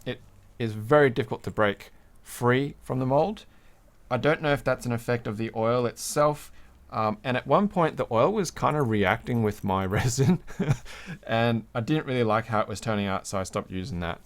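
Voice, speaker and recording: Man, livestream host, casual workbench demo, chatty, explains as he goes, mid-pitched voice. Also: expressive, normal speed. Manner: chatty, explains as he works, laughs now and then. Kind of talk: casual workshop demonstration. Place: home workbench.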